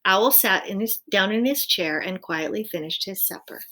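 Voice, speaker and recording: Lady reading a kids' book aloud, gentle, chatty little asides, mid-pitched. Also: lively intonation, moderate pace. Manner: gentle, with soft asides to listeners. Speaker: storyteller. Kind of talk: reading a children's storybook aloud.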